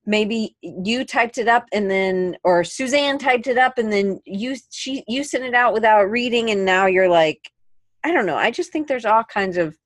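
A woman hosting a casual podcast interview, offering opinions and quick asides. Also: medium pitch, lively intonation, no echo. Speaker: podcast host.

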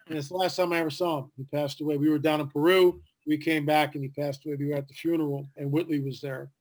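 A man telling a story in a casual, animated way, acting out the voices of people he quotes. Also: a little high, fast talker, few pauses. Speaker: guest.

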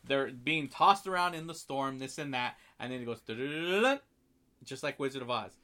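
A man in casual chat, animatedly retelling a film scene by scene and acting out the characters' lines, with swearing. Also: brisk. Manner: animated storyteller, acts out lines with big jumps in pitch and loudness, swears.

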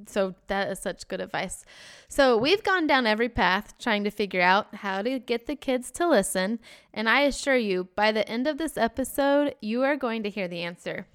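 A woman co-hosting a teaching podcast, upbeat and quick to laugh. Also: fairly high pitch, expressive, clean tone. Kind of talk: casual podcast chat.

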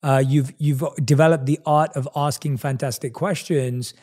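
A man's voice: a little high, fairly even intonation, moderate pace, a little mellow. A man hosting an interview, affirming his guest's answers and asking reflective questions. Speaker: podcast host. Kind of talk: conversational interview.

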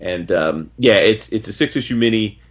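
A man's voice: fairly low pitch, expressive, moderate pace. A man casually reviewing a comic book on a podcast, enthusiastic and rambling, with frequent restarts. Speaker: podcast co-host. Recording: dull lo-fi audio.

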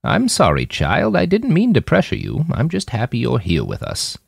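A gentle old woman elder speaks kindly and softly in a spoken story, as a male narrator puts her on. Her voice sits high, with a touch of grit underneath. The sound is dry and close. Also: huge pitch swings, normal speed, vocal fry, dry recording, heavily acted. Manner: soft, soothing, apologetic.

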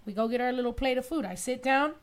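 A woman guest tells a story on a podcast in a high voice, the words tumbling out fast. She swears freely and acts out each person in the tale. It is loose, casual chat. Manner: animated, profane, acts out the people in her stories.

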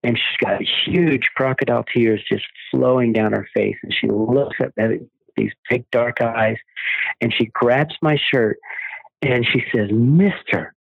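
A man's voice: mid-range voice, steady tone, unhurried, creaky, no room sound. A man in his forties or fifties, a charity founder telling stories as an interview guest in an earnest way. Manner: earnest storyteller. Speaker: guest, charity founder giving cars away. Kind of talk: interview conversation. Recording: dry, phone-like narrow sound.

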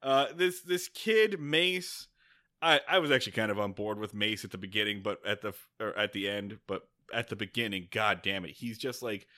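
A man co-hosting a podcast, recapping a film in casual, excitable chat, swearing freely. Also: on the low side, moderate pace. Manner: excitable, swearing, animated retelling with acted-out quotes. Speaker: podcast co-host. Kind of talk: casual movie-review chat.

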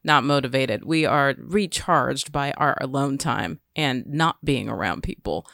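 Deep-voiced woman host, swoopy intonation, asking questions in a chill chat. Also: expressive, measured pace, gravelly, a bit bright, dry recording, clean studio sound. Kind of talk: casual interview chat.

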